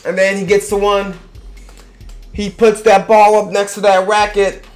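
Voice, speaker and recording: A young man with a slightly high voice, rambling loosely and swearing freely as he recaps a film. He gets animated in bursts. Faint music plays underneath. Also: measured pace. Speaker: movie reviewer. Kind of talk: casual rambling film review.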